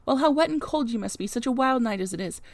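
A woman voicing a blunt, suspicious old female servant who scolds in a rustic dialect, a little higher and louder than her own reading voice. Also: expressive, fast, dry recording. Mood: scolding.

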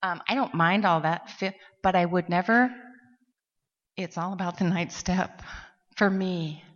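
Low-voiced woman telling her story in a hall. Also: steady tone, a little slow. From Seattle, USA. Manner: candid and rambling, many fillers and restarts; irreverent, blunt asides. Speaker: recovery meeting speaker. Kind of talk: personal story told to a convention audience. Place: large convention hall. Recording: dull sound, long hall reverb.

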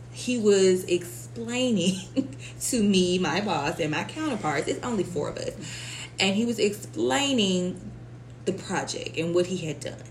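A woman co-hosting a podcast who tells workplace stories in an animated way, swearing freely. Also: mid-range voice, takes it slowly, poor audio. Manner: animated, profane storytelling. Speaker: podcast co-host. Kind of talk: casual chat. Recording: faint background noise.

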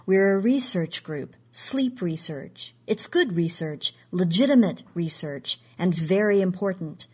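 A woman reading the lines of a calm male researcher who explains things in a steady, controlled way. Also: lowish voice, measured pace, hardly any pauses, slightly rough. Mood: calm, explaining.

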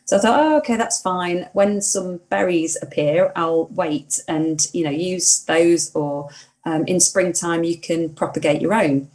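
Chatty woman, lowish voice. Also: fairly even intonation, a little mellow. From England. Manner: enthusiastic, laughs often, asks rapid questions. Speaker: podcast co-host, hedge witch. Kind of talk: casual chat.

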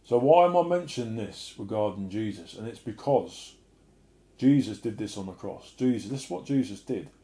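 Low gravelly middle-aged guy, earnest emotional testimony, kinda mumbly at times. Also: animated, moderate pace. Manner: emotional, earnest, often drops to a soft murmur. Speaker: Christian speaker. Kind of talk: personal testimony and preaching.

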